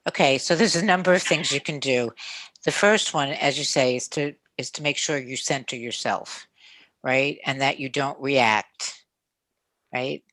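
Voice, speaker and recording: Calm coaching voice, dry and close. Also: mid-range voice, unhurried, no room sound. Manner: coaching, repeats "right?" often, acts out calm sample lines. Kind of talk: casual advice talk.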